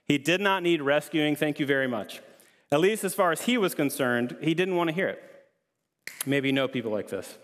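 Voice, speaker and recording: A man's voice: a little high, lively intonation, normal speed, a bit bright. Man preaching in a reverberant hall. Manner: earnest, conversational preaching with emphatic repeats. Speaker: pastor. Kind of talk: sermon.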